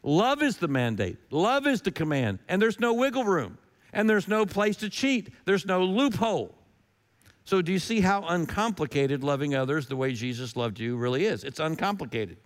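A man's voice: a little high, animated, normal speed, long reverb tail. A pastor preaching a sermon in an emphatic style, repeating his key lines and posing rhetorical questions.

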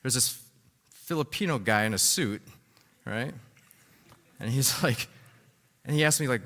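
A man in his thirties delivers a sermon, spinning a personal story in a loose, conversational way, checking in with "right?" and "like" as he goes. His voice sits at an ordinary pitch and rings out with a long hall reverb. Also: moderate pace, creaky, pauses often. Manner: animated storytelling with many "right?" and "like". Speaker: pastor.

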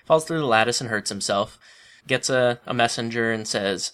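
A man co-hosting a casual chat, retelling stories with animated humor and laughter. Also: medium pitch, normal speed. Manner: animated, laughing storyteller who acts out quotes.

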